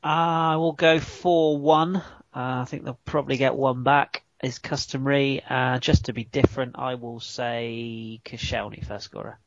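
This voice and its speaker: A man on a podcast panel with an average-pitched voice and a wry, laid-back delivery. The audio is a little dull and lo-fi. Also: fairly even intonation, normal speed, few pauses, no echo. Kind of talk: casual chat.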